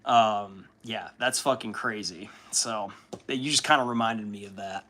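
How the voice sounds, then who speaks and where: A man's voice: lowish voice, unhurried, fairly bright tone. A man hosting a casual hobby livestream, rambling and swearing with lots of fillers and laughs. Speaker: livestream host. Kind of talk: casual chat during a hobby stream.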